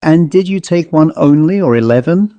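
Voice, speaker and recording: A sharp-tongued young woman bookkeeper, as a male reader puts her on, raising her voice a little in exasperated scolding. The tone stays mellow and warm, and the recording is close and dry, with no room sound. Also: on the high side, animated, moderate pace, no echo, voice pushed up, natural voice. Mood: scornful.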